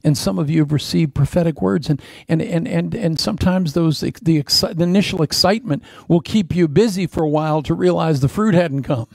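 A man preaching a sermon as a pastor, swinging from loud emphatic lines to hushed, almost whispered prayer. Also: a little high, fairly quick, creaky, hardly any pauses, dry recording.

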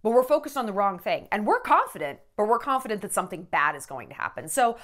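A woman's voice: mid-range voice, sing-song, fast talker, a bit bright. A woman talking in a candid, rambling vlog monologue, profane and emotional, tearful at times. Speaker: celebrity gossip vlogger.

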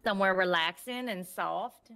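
A woman's voice: mid-range voice, normal speed, creaky, sharp tone. A woman voicing a ditzy, chatty young woman in a roleplay game, wandering off mid-sentence. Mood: airy chatty. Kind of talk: in-character roleplay chat.

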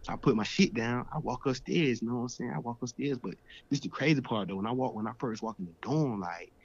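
A man's voice: mid-range voice, fast talker, breathy edge. A young man in his twenties, a guest in an interview, telling his story in slangy, streetwise casual talk. The recording sounds dull and lo-fi.

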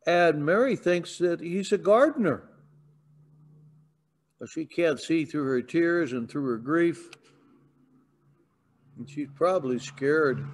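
A man preaching in a church, with a slow, unhurried delivery and a fairly high voice. He tells the story patiently, then lifts into emphatic declarations. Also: a little mellow. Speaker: pastor. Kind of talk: sermon. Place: church sanctuary.

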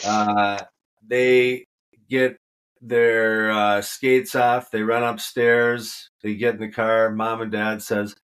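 Slow-talking male podcast host. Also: lowish voice. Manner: relaxed, asks open questions. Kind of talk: casual podcast interview.

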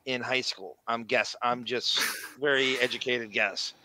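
A man's voice: medium pitch, fairly even intonation, unhurried, pushed and bright, no echo, poor audio. A man hosting a casual podcast chat, rambling, swearing freely and talking over his guests. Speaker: podcast host.

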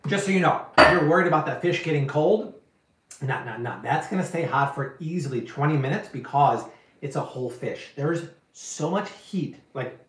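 A man's voice: a little high, normal speed, a bit bright, echoey room, slight background noise. A man hosting a live cooking stream, chatting casually and answering viewer questions with slangy, emphatic energy. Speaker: cooking show host.

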